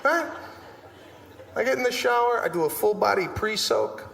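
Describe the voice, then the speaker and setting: A man doing a stand-up comedy routine with animated, exasperated ranting. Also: high-pitched, normal speed, vocal fry. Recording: live stage with long reverb, faint ambience.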